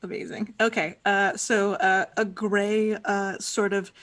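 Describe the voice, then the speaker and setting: A woman playing a tabletop role-playing game, describing her character hesitantly with many pauses and ums. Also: mid-range voice, level tone, a bit bright. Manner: hesitant, full of uh and um. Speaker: player.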